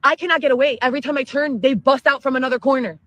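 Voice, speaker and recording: A woman telling a long profane story in an excitable livestream rant. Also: high voice, racing, dry recording, lo-fi sound. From Chicago area, Illinois. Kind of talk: ranting livestream monologue.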